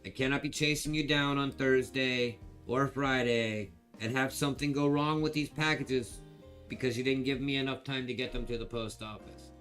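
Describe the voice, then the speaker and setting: A man's voice: medium pitch, fairly even intonation, moderate pace, a bit bright, soft background music. Chatty man hosting a livestream auction. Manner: rambling storyteller, chatty with viewers. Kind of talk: casual livestream chat.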